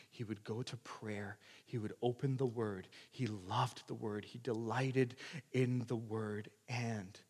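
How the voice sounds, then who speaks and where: A male pastor delivering a sermon, swinging between loud emphatic preaching and quiet earnest asides, in a church sanctuary. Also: medium pitch, husky. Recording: long church hall reverb.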